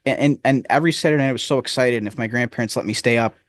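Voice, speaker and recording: A man's voice: medium pitch, racing, no room sound. A man co-hosting a podcast, talking in loose, rambling casual chat. He cracks jokes as he goes and sometimes drops into goofy impressions. His voice sounds dry and close to the mic. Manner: rambling, jokey, slips into silly impressions. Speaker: podcast co-host.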